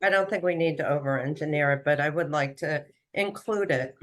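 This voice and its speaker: A woman on a video call in a remote public meeting, a commission member speaking plainly and deliberately. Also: deep voice.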